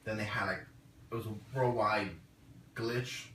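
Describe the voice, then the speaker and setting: A man's voice: on the low side, steady tone, unhurried, a bit bright. A man co-hosting a podcast, speaking casually and wryly, with many short replies. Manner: brief and wry, mostly short responses. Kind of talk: casual tech chat. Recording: echoey room, distant mic, faint hiss.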